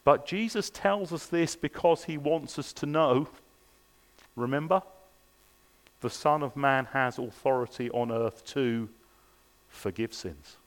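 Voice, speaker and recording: A man's voice: mid-range voice, takes it slowly, pauses often. A man preaching a sermon at a church service, earnest and pressing his listeners with repeated rhetorical questions. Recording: long reverb of a large hall.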